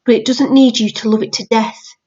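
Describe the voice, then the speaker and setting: A woman's voice: a little high, steady tone, a little fast, a little mellow, lightly acted. A woman voicing a fierce, protective older sister who scolds her little brother, in a storybook reading. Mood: stern. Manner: stern, scolding. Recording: dull lo-fi audiobook recording.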